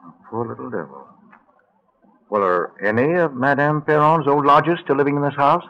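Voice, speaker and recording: An actor in a 1940s radio drama playing a brisk, confident American man on a dangerous wartime mission. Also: medium pitch, lightly acted. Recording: dull lo-fi 1940s radio broadcast.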